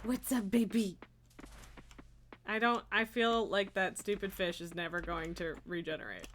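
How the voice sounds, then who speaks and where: A woman's voice: on the low side, normal speed, bright, forceful tone, a little hiss or hum. A woman streaming a farming game, chatting casually and giggling, who slips into baby talk with her cat. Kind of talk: casual livestream chat while playing a farming game.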